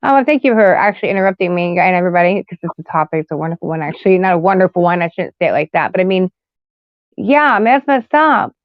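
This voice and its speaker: A woman's voice: on the low side, racing, hardly any pauses, no room sound, dull audio. A woman in a casual group chat, talking chattily and calling the listeners guys. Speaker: podcast participant.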